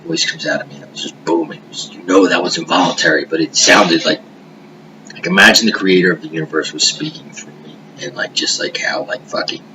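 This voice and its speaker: Low-voiced man rambling over hiss. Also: steady tone, brisk, muffled recording. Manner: rambling, profane, drops into hushed murmurs. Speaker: vlogger. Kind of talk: rambling personal monologue. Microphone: webcam. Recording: noisy hiss behind the voice.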